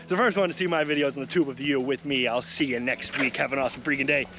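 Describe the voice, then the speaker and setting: A man's voice: medium pitch, steady tone, fast, over music. A man vlogging outdoors while running, upbeat and motivational, and out of breath. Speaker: fitness vlogger. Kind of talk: casual vlog while running. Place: outdoors on a hilly road.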